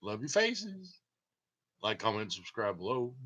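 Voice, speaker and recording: A man's voice: on the low side, very animated, measured pace, fairly bright tone. A man hosting his own channel, rambling and joking through a casual livestream monologue and laughing often. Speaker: channel host.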